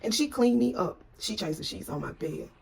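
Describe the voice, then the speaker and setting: A woman's voice: mid-range voice, lively intonation, normal speed, darkish tone. A middle-aged woman telling a personal story to viewers in an emotional, repetitive way, calling them y'all. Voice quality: gravelly, husky voice.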